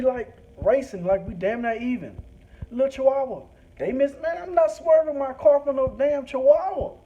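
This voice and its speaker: A man from a rural country town telling a crude, swearing rant while driving. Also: very high-pitched. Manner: crude, animated, swears freely. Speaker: vlogger. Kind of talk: profane storytelling rant. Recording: dull lo-fi sound, faint noise.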